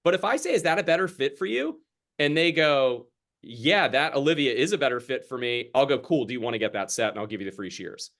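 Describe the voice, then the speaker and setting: A man's voice: medium pitch, lively intonation, a little fast, fairly bright tone. A young man coaching a sales team over a video call, chatty and casual, acting out exchanges with customers. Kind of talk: sales training talk on a group video call.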